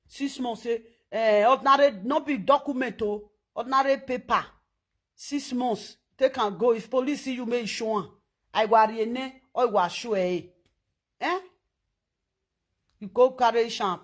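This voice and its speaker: A woman speaking in a Nigerian Pidgin accent, ranting loudly and scolding on social media. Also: a little high. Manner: animated, loud and scolding, switching between pidgin and English.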